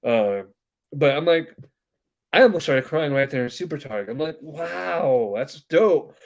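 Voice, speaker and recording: Male podcast host, somewhat high-pitched, casual rambling storyteller who fills pauses with "uh.". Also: animated. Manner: rambling, many "uh" fillers, acts out quoted voices.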